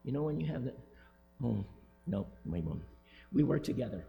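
Male pastor preaching, lively swooping voice, gravelly edge, big church echo and faint music behind. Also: mid-range voice, moderate pace, pauses often. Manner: animated, emphatic, repeats key phrases, joking asides. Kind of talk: sermon. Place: church sanctuary, speaking from the pulpit.

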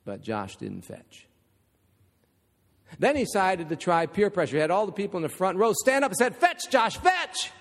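A man's voice: high-pitched, very animated, moderate pace, pauses often. A man preaching a sermon, telling a story with rhetorical questions and humorous asides. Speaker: pastor. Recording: long reverb of a large hall.

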